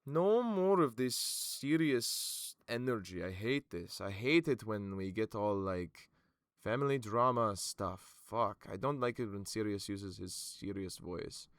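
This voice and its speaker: A man's voice: on the low side, expressive, a little slow, no room sound, clean studio sound. A man voicing a flamboyant, tipsy young nobleman with a breezy, sing-song drawl in a tabletop game.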